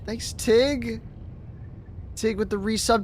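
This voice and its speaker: A man chatting casually on a livestream, laughing often and thanking viewers excitedly. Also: very high voice, slow pace, slight background noise. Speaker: streamer.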